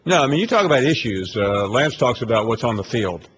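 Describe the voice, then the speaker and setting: A man hosting a call-in sports radio show, mid-pitched and stammering, wry and a little defensive as he restarts his sentences. The sound is somewhat dull, with a faint hiss behind him. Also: sing-song, brisk. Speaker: radio talk show host.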